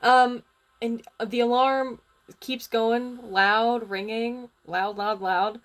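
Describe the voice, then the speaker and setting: Young woman game master, slightly high voice, casual halting narration. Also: fairly even intonation.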